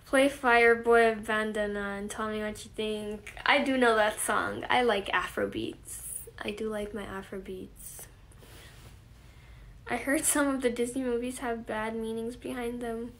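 A 21-year-old woman hosting a casual live stream, reading viewer comments aloud and answering them in a relaxed way. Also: a little high, measured pace. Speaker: livestream host. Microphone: phone camera.

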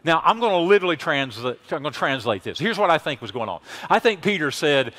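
Animated high-voiced preaching man. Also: quick pace, hardly any pauses. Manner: animated, building to shouted exhortation; folksy paraphrase with playful sarcasm. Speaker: pastor. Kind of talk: sermon. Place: church sanctuary.

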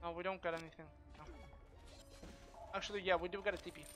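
A man streaming a game with casual, profane commentary, trash-talking and shouting during fights. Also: sits high, fairly even intonation, faint music behind. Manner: brash, profane, quick to trash-talk. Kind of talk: live gameplay commentary.

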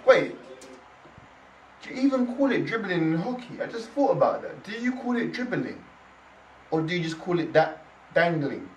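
A young man hosting a casual reaction video, excitable and exclaiming in slang, recorded in a roomy space away from the mic. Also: sits high, moderate pace, pauses often, dull audio, slight background noise. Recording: roomy echo, distant from mic.

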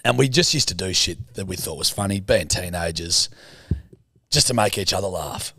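A man's voice: low voice, expressive, moderate pace, pushed and bright, slightly rough, no echo, clean studio sound. An Australian man co-hosting a podcast, telling a crude, joking story in casual chat. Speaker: podcast co-host.

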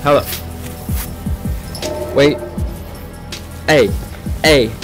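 A reaction video host shouting excited advice at the players on screen. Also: mid-range voice, extremely slow, faint music behind. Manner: yells advice at the screen, laughs.

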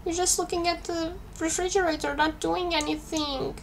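Gravelly-voiced woman chatting while gaming. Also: very high voice, steady tone, moderate pace. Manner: chatty, talks to herself while playing. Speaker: gaming streamer. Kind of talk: casual let's-play commentary. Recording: faint background noise.

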